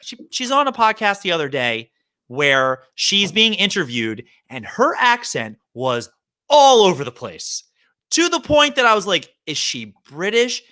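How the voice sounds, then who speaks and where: A man hosting a podcast, chatting casually and telling rambling, animated stories. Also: sits high, measured pace. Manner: animated storyteller, rambling asides. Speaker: podcast host. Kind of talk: casual chat. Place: Hoboken.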